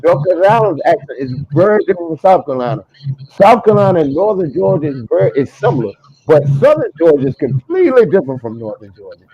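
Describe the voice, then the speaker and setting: A man's voice: a little high, big pitch swings, fast talker, slightly rough. A man with a Virginia accent, talking emphatically and profanely in a heated casual discussion. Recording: muffled lo-fi audio.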